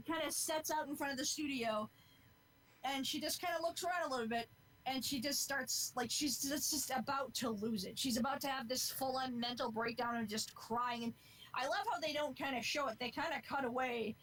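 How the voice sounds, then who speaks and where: A woman's voice: high-pitched, a little hiss or hum, poor audio. A woman in her twenties chatting on a podcast, earnest and rambling, swearing freely as she goes. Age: 20s. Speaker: podcast co-host. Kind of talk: casual chat.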